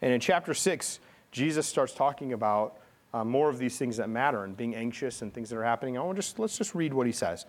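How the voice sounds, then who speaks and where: A pastor giving an animated sermon, telling stories and asking the congregation questions. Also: male voice, fairly quick. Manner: animated storytelling preacher, rising in pitch and volume.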